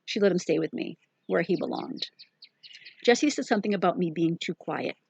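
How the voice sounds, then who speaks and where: Woman, audiobook narrator, reflective first-person reading, husky, dry, dull recording. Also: lowish voice, animated, brisk, darkish tone, dry recording.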